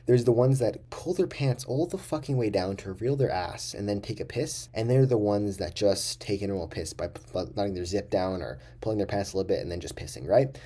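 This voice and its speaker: Low, mellow-voiced young man ranting casually. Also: lively intonation, fairly quick, hardly any pauses, breathy edge. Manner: rambling, profane, exaggerated storytelling. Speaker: vlogger. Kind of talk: casual storytelling to camera.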